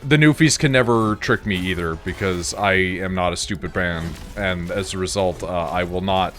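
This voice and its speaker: This Canadian streamer has a low voice with a fairly bright tone and talks at normal speed while faint music plays. His gaming chatter wanders, full of profanity and constant "like"s.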